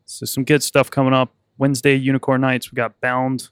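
A man's voice: medium pitch, completely flat delivery, a little fast, smooth. A man co-hosting a podcast in casual, rambling chat, often laughing. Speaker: podcast co-host.

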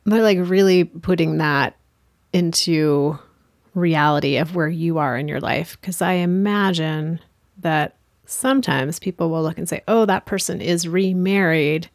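A woman's voice: low voice, unhurried, no room sound, clean studio sound. A woman hosting a podcast interview, talking in an affirming, conversational way to her guest. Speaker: podcast host.

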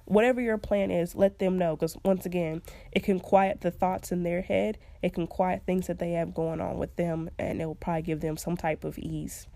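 A woman's voice: on the low side, fairly even intonation, moderate pace, vocal fry, few pauses, warm tone, no echo. A young woman hosting a podcast, giving casual advice in a chatty way and laughing often. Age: young adult. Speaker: podcast host.

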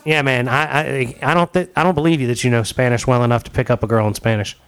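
A man with a smooth, resonant voice at an ordinary pitch, chatting on a podcast. He needles and teases the others with pointed questions. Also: fairly even intonation, quick pace, fairly bright tone. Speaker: podcast co-host. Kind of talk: casual chat.

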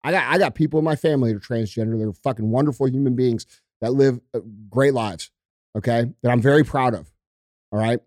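A man's voice: mid-range voice, quick pace, a little mellow, no room sound, clean studio sound. A man co-hosting a podcast, ranting in heated casual talk and swearing often. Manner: profane, emphatic ranting. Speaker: podcast co-host.

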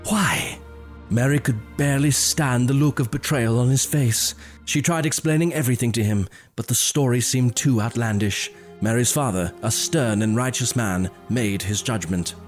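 Male storyteller, mid-pitched, measured and dramatic, soft music behind. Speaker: narrator. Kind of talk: scripted story narration.

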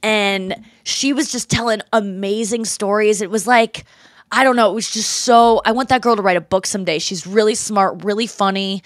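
A woman hosting a podcast, chatting casually and telling lively stories, mimicking other people's voices in quotes. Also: medium pitch, moderate pace, no room sound, studio quality. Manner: animated storyteller who mimics voices in quotes. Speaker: podcast host. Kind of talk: casual chat.

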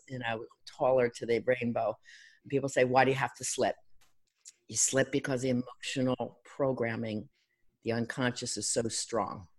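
Middle-aged woman from philly, coaching talk, lively and teachy, acts out people as she goes. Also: extremely low pitch. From Philadelphia. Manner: energetic, teacherly, acts out clients' voices. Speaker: life and love coach, counselor. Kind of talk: guest on an interview podcast.

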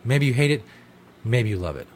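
A man's voice: mid-range voice, very animated, a little fast, slight background noise. A man hosting a podcast, giving profane, ranting commentary in a casual talk. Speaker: podcast host.

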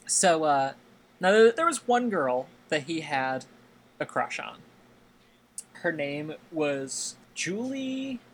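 A man's voice: fairly high pitch, sing-song, takes it slowly, a little hiss or hum. A man hosting a casual podcast, telling a long anecdote with plenty of fillers and laughing along with his friends. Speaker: podcast host. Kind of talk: casual storytelling chat.

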